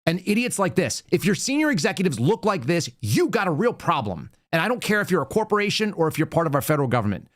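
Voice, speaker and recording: A man's voice: fairly high pitch, sing-song, fast talker, hardly any pauses. A man hosting a political commentary show, talking in a ranting, sarcastic way. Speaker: show host.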